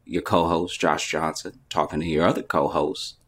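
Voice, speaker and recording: A man's voice: extremely low pitch, steady tone, a bit bright, slightly rough. A man co-hosting a casual comedic podcast, telling stories at an easygoing pace and often answering with "mm-hmm". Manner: easygoing, drawn-out storytelling with frequent affirmations. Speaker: podcast co-host.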